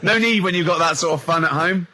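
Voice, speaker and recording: A man's voice: a little high, quick pace, pushed and bright. A man hosting a radio talk show in a studio, chatting casually and teasing his guest. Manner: teasing, laughs often. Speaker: radio host. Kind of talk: casual chat.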